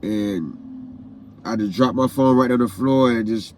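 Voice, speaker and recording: Man, grieving vlogger, recounts loss in a heartfelt, looping way, phrases said over and over, mid-pitched voice. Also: measured pace, darkish tone, slight background noise. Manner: repetitive, heartfelt retelling with phrases said again and again; emotional, grieving. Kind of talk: personal storytelling vlog.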